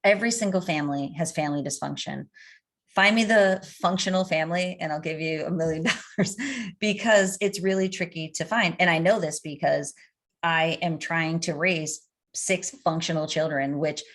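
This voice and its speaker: A middle-aged woman with a slightly low voice answers questions as a coach. She talks in an animated, storytelling way and uses everyday anecdotes. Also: normal speed. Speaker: addiction coach. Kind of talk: conversational interview answers.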